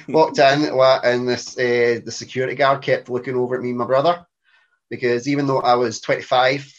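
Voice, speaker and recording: A man's voice: mid-range voice, level tone, moderate pace, dull audio. A Glaswegian man in his thirties, a podcast guest telling rambling, self-mocking stories in casual chat. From Scotland.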